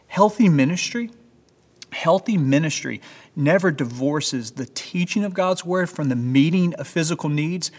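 A man's voice: mid-range voice, big-room sound. A man pastor preaching a sermon in an earnest, emphatic way, asking his listeners rhetorical questions.

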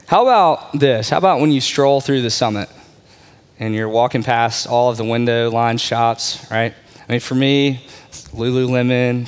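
A man's voice: fairly high pitch, clean tone. A man giving a conversational sermon as a pastor, often checking in with his listeners. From Texas.

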